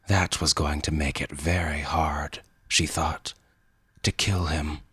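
A man reading a short story as its narrator in a measured, dry storytelling manner. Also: rumbling low, steady tone, fairly bright tone, husky, no echo. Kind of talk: scripted narration.

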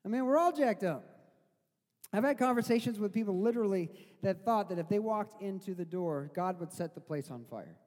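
A man preaching a sermon, conversational at first and rising to loud, slow, emphatic lines. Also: sits high, lively intonation. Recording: hall reverb.

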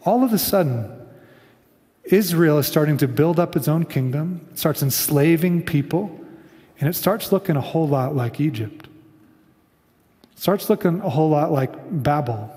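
A man's voice: on the high side, lively intonation, normal speed, warm tone, big-room sound. A man preaching a sermon in a casual storytelling way, often slipping into quoted lines. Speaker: pastor.

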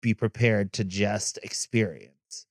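A man's voice: on the low side, slow pace, dry recording, studio quality. A man co-hosting a film podcast, musing reflectively with plenty of "like" and ribbing his co-host. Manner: teasing, reflective, lots of "like" and "you know what I mean". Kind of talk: casual film discussion.

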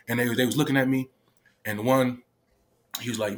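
A man recounts something personal to the camera, tearing up as he rambles, scattering "like" and "right?" throughout and cursing often. His mid-range voice has lively intonation and a slightly bright quality. He talks a little fast but pauses frequently.

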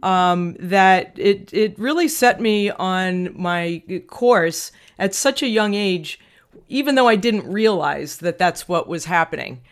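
A middle-aged woman from Long Island, a guest auctioneer, telling a personal story in an interview with animated expression. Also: on the low side, takes it slowly. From Long Island, New York.

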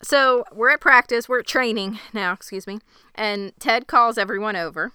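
A woman chatting about a show, retelling scenes and quoting the characters with energy. Her voice is bright and smooth, a little low in pitch, and recorded close and dry. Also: normal speed, no echo. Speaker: podcast co-host. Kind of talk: casual chat.

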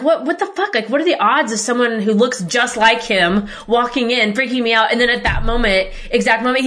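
A woman's voice: medium pitch, a bit bright. A woman hosting a podcast, telling a personal story in a candid, exasperated way and swearing freely. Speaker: podcast host.

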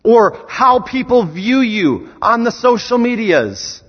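Male preacher, husky and lively, measured delivery, emphatic rhetorical questions; echoey church hall, muffled recording. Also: extremely high pitch. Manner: emphatic, rhetorical questions, rising to rallying calls. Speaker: student ministries director preaching. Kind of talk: sermon. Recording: echoey hall, dull lo-fi sound.

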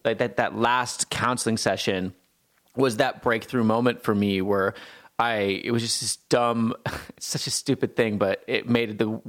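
A man chatting casually as a podcast host, telling a story with lots of restarts and bursts of acted-out yelling. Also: on the low side, unhurried. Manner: animated, acts out his younger self yelling with lots of restarts.

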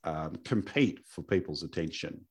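A man's voice: a bass voice, lively intonation, moderate pace, darkish tone, husky. A man co-hosting a podcast, talking in a casual, hesitant way with many fillers and restarts. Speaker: podcast co-host. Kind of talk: casual chat.

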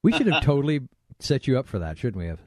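A man's voice: medium pitch, wildly swooping pitch, quick pace, a little mellow, no echo, studio quality. Teasing, rambling male podcast host. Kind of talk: casual podcast banter.

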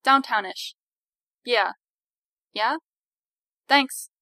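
A woman doing a brash young superheroine with a bright, slightly raised voice, quick to swear and quick to plead. She sounds dry and close, read in an expressive storybook style. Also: on the high side, dry recording, heavily acted. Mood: casual phone chat.

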